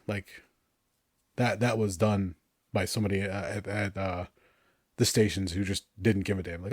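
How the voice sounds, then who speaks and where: A man with a fairly low voice talks casually on a podcast, telling lively stories and often laughing. The sound is dry and close, with no room echo. He is in his thirties. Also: normal speed, pauses often. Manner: animated storytelling, laughs often. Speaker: podcast co-host.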